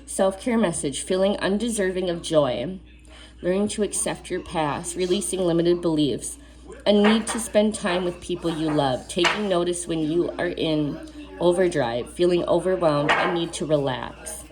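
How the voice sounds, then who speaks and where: A woman's voice: fairly low pitch, normal speed, background noise. A woman giving a spiritual oracle card reading to camera. She reads the card text aloud, then adds earnest, casual asides and repeats key phrases for emphasis.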